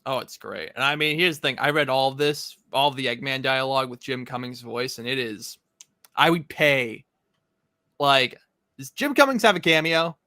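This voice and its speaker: A man's voice: medium pitch, normal speed, bright, forceful tone, no room sound, studio quality. A man co-hosting a casual comic discussion, recapping the story in a laid-back way with casual swearing. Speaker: podcast co-host.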